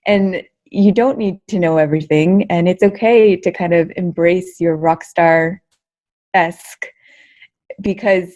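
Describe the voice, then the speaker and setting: Lively young woman chatting as an interview guest, lower voice, keeps saying "like" and "you know". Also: slow pace, muffled recording. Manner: energetic, repeats words, many fillers like "you know" and "like". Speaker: guest researcher and comedian. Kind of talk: conversational interview answers.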